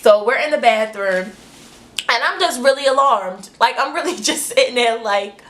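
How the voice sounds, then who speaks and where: A young woman telling a storytime vlog, animated and profane, acting out quotes in high shrieks. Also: moderate pace. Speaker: vlogger.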